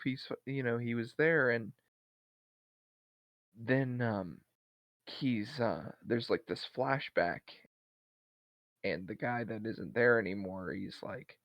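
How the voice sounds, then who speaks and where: A man's voice: mid-range voice, slow pace, pauses often, no room sound, dull audio. A man co-hosting a podcast, casually retelling a story with lots of fillers and restarts. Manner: rambling retelling with many fillers. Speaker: podcast co-host. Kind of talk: casual chat.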